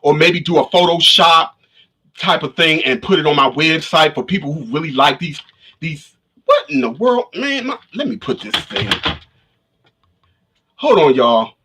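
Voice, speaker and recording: Very animated yet unhurried, with long pauses, a spiritual vlogger rambles through a story for his livestream, restarting and repeating often. His slightly high voice sounds pushed and bright, breathy at the edges, recorded on his livestream camera.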